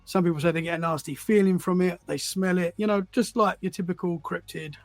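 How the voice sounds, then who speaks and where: The podcast guest, a man keen on the paranormal, speaks briskly in a high-pitched voice with fairly even intonation. His casual stories ramble, and he repeats words as he gets his bearings, all on a dry recording.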